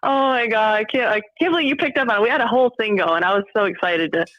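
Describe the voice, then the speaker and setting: A woman's voice: on the high side, fast, no room sound. A woman calling in to a podcast, teasing the host and giggling often as she chats. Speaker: caller. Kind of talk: casual phone call-in chat. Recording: muffled phone line.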